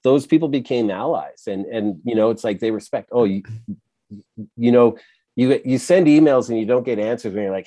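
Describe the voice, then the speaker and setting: A man's voice: mid-range voice, normal speed, mellow, no room sound. A man hosting a podcast over a video call, telling anecdotes in a loose, filler-heavy way. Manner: chatty anecdotes, filler-heavy, laughs easily. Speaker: podcast host. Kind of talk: casual conversational interview.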